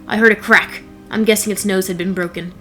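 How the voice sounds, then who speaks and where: A young woman narrates a first-person horror tale with a wry, blunt delivery and casual profanity. Her voice sits in a middle register, and soft music plays underneath. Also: medium pitch, fairly even intonation, fairly quick.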